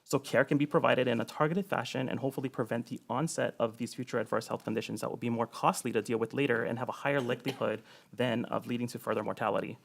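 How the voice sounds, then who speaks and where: A man's voice: mid-range voice, fairly even intonation, creaky. A man reading prepared testimony at a public hearing. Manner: reads quickly from a prepared statement.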